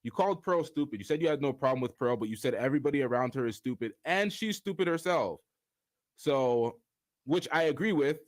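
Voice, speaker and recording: A man's voice: mid-range voice, lively intonation, fairly quick. A man co-hosting a live stream. He reads out chat comments and answers them bluntly, with a lot of swearing.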